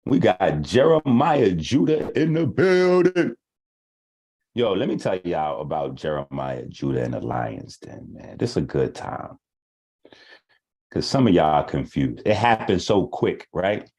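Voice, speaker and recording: A man with a low voice that swings widely in pitch, arguing in a casual monologue. He is profane and rhetorical, repeating his points and firing questions back at his audience. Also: big pitch swings, unhurried, a little mellow. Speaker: host of an online talk stream.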